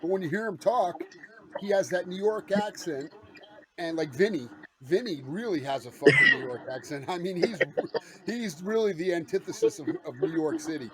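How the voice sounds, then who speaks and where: Chill podcast cohost dude, voice a bit high, other voices going on behind him. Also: male voice, wildly swooping pitch, moderate pace, crowd noise. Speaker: podcast co-host. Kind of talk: casual podcast chat.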